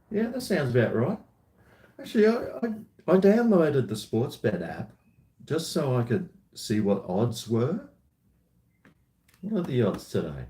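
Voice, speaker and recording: A man's voice: mid-range voice, dark tone, roomy sound. An Australian man chatting casually on a live stream at home, joking with viewers in a laid-back way. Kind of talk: casual live-stream chat while drinking.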